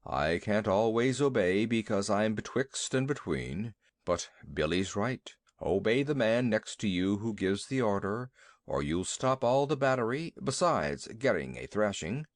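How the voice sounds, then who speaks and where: A man's voice: lowish voice, expressive, a little slow, no room sound, clean studio sound, voice pushed down. A man voicing a huge, timid, fussy male elephant that blusters and grumbles. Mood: grave.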